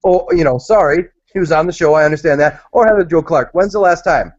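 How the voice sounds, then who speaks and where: A man with a high voice speaks on an MMA podcast, blunt and sarcastic as he brushes off a story. The sound is muffled and lo-fi. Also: fast. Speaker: podcast co-host. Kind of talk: casual profane sports chat. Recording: muffled lo-fi audio.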